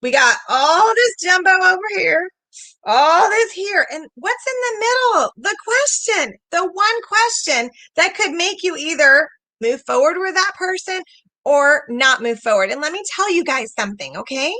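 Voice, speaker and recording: A bright, high-pitched woman coaches her viewers live, her voice swooping up and down as she reads their comments and acts out quotes. The sound is dry and close, with no room around it. She talks with lively, emphatic energy. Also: measured pace, dry recording. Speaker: sales coach hosting a livestream.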